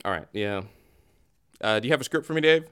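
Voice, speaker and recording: Animated ranting man hosting a sports show. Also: medium pitch, a little fast, clear, resonant tone. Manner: animated, ranting with mock voices. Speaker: podcast host. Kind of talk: casual sports talk show.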